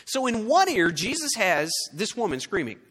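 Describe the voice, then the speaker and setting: A high, lively male voice preaching to a congregation, bright and a little husky. He swings from emphatic peaks down to near-whispers. The sound rings with a long hall reverb, as in a large church. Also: moderate pace. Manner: animated preaching, swinging from loud to hushed. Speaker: pastor. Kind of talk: sermon.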